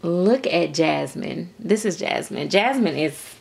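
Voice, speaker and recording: A woman's voice: on the low side, lively intonation, slow, vocal fry, darkish tone. A woman, chatting casually in a vlog as a doll artist, gushing and exclaiming to her viewers. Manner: gushing, exclaims often, speaks to viewers as "y'all" and "baby".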